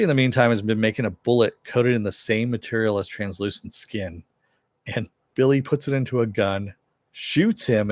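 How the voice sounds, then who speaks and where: Male reviewer with a low voice, casual recap delivery, dry close sound. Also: no room sound. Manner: conversational, with frequent filler. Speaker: TV show reviewer.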